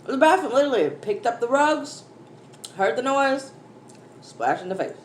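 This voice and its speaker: A woman's voice: a little high, normal speed. A woman, a mother, telling a story animatedly to her viewers in a casual chat while eating. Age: adult, mother of a school-age daughter. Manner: animated, exclaiming, addresses viewers as y'all. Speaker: food vlogger. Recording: echoey room, faint background noise.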